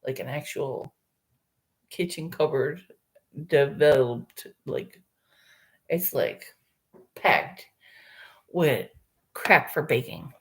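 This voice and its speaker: Woman streamer, casual rambling chat, unhurried, salty language, frequent laughter. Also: very deep voice, sing-song. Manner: rambling, swears a lot, laughs often. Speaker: livestream host chatting with viewers.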